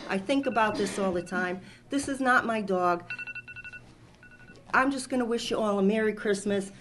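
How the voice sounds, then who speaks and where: A woman's voice: medium pitch, moderate pace, a bit bright, slight background noise. Emotional woman pleading at a town meeting. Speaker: public commenter. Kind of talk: public comment at town meeting. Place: town hall meeting room.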